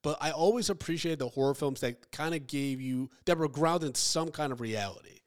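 A man co-hosting a casual movie podcast, animated, dropping into mumbled asides and then rising into excited outbursts. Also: a little high, a little fast. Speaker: podcast co-host. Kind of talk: casual chat.

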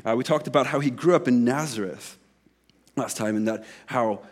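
Speaking at a moderate pace in a medium-pitched voice, a pastor gives a sermon in a conversational style. He tells a story from his own life, performs snippets of dialogue, and often corrects himself along the way.

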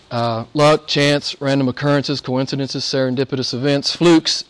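A male pastor preaching a sermon, emphatic, swinging between quiet points and rising declarations. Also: a little high.

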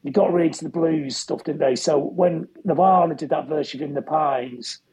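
A man's voice: fairly high pitch, a little fast, a little mellow, rough recording. A middle-aged man telling rambling anecdotes as an interview guest, chatty and full of restarts. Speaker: interview guest, musician and author. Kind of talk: casual storytelling interview.

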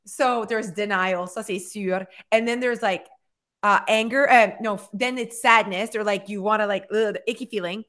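A woman co-hosting a casual chat, talking fast with lots of fillers and acting out what people say. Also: medium pitch. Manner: chatty, filler-heavy, animated storytelling. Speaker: podcast co-host.

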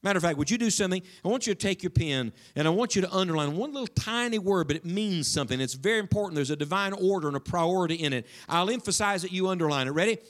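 A man preaching a sermon to his congregation in a church, emphatic and questioning, dropping suddenly to a hush. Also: a little high, quick pace, few pauses. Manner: speaks directly to the congregation with questions. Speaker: pastor.

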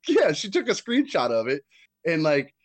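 A man co-hosting a podcast, a youth baseball coach telling a game story in casual chat, animated and acting out what people shouted. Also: a little high, normal speed, no room sound. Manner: animated storyteller who acts out shouted quotes.

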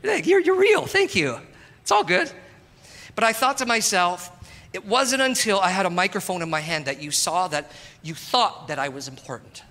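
Male pastor preaching, high pitched and very bright, in a reverberant hall; animated, talks straight to the congregation. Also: normal speed. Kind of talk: sermon.

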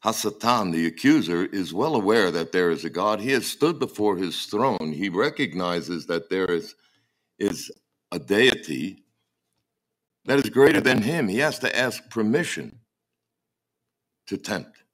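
A man with a very deep, low-pitched voice delivers a sermon from the pulpit. He speaks emphatically, often stumbling and repeating words as he searches for the next thought. A dry, mocking humour runs through his preaching. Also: lively intonation, unhurried. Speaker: pastor.

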